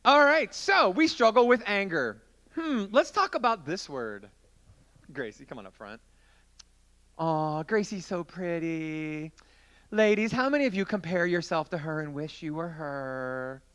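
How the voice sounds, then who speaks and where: Man, youth pastor, playful sermon delivery, bright voice with a high, bouncy pitch. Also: moderate pace. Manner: playful, joking, animated with volunteers. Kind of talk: interactive youth group sermon.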